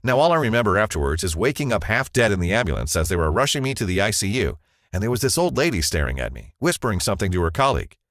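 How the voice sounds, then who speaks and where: A man's voice: fairly low pitch, very animated, quick pace, fairly bright tone, no room sound, studio quality. A man narrating a scripted first-person advertisement as a confessional story.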